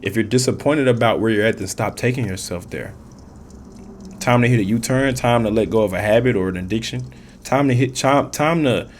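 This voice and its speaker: A man's voice: on the low side, darkish tone. A man giving a casual tarot reading, rambling and repeating himself, in loose, profane street slang with frequent laughs. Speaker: tarot reader.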